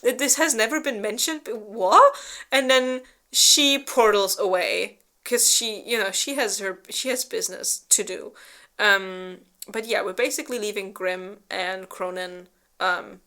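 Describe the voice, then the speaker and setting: Her medium-pitched voice is steady, pushed and bright, a little slow. As a book club co-host walking through a slideshow summary, she casually retells the plot with lots of fillers and restarts, swearing freely and acting out exaggerated quotes from the characters.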